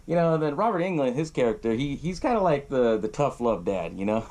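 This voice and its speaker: A podcast host, a man, retelling a horror film in a loose, profane way and laughing often. His pitch jumps around a lot as he narrates. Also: big pitch swings, fairly quick, darkish tone. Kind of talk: casual film recap.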